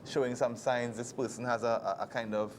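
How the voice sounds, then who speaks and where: A man's voice: mid-range voice, little pitch movement, a little fast, a little hiss or hum. A man with a Trinidadian accent, co-hosting a church show as a deacon, speaking earnestly and repeating words for emphasis. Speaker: deacon co-host. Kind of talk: casual chat.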